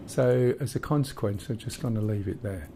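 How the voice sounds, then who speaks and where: A man's voice: lowish voice, normal speed, warm tone, a little hiss or hum. A man in his sixties hosting a live game stream, chatting casually with rambling, jokey asides. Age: 60s. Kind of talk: casual gameplay chat.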